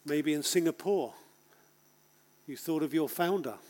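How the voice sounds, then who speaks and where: Man preaching, sermon, slightly high voice, emphatic, dramatic pauses. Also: a little mellow. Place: speaking to a congregation.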